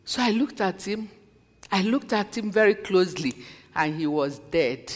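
A woman giving a personal testimony as a sermon, telling her story earnestly and then preaching with slow, stressed scripture quotes. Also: medium pitch, expressive. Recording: long reverb of a large hall.

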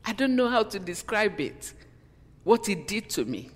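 A woman's voice: mid-range voice, sing-song, normal speed, long reverb tail. A woman preaching a sermon and telling a personal story with strong feeling, often repeating "you know" and breaking off to start her sentences again. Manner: emotional, repeats "you know", stops and restarts lines.

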